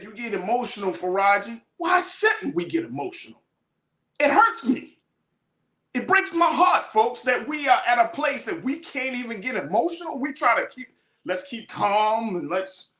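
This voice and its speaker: A man's voice: high-pitched, pushed and bright, reverberant. A male talk show host delivering an impassioned live monologue, calling out to viewers as folks in a preacher-like cadence. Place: studio.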